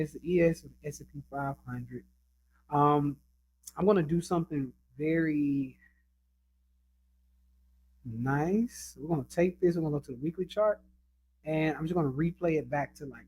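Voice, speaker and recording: A man's voice: fairly high pitch, normal speed, slight background noise, poor audio. A man giving a casual screen-share trading lesson as its instructor, chatting and often checking in with his listeners. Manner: chatty, keeps asking "right?".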